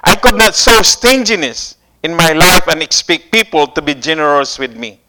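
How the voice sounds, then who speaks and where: A man's voice: on the high side, normal speed, pushed and bright, low-quality recording. A man preaching a sermon, asking the congregation questions and repeating key phrases.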